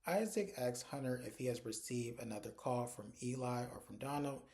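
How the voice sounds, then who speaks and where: Man, TV recap vlogger, mellow tone, mid pitch, chatty, animated, quotes dialogue while retelling scenes. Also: moderate pace. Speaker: TV episode reviewer. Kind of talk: casual recap vlog.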